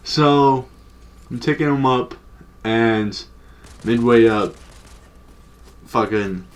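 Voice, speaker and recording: A young man spins a story in a relaxed, offhand way. He talks in loose street slang, leans on "like" as filler, and swears freely. His voice sits at an everyday middle pitch. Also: drawn-out words. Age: young adult. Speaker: storytime vlogger. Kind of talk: casual storytelling.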